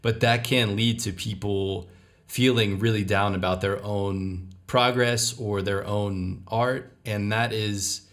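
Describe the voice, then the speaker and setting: A man hosting a podcast, introducing his guest and talking in a measured, reflective way. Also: lowish voice, fairly even intonation, fairly bright tone. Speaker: podcast host. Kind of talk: podcast intro and interview chat.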